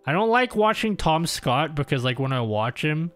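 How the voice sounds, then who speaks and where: Faint music sits under a young Australian man's casual livestream as he rambles to viewers, with many fillers, restarts and self-interruptions. His voice is on the high side and sing-song, at a moderate pace.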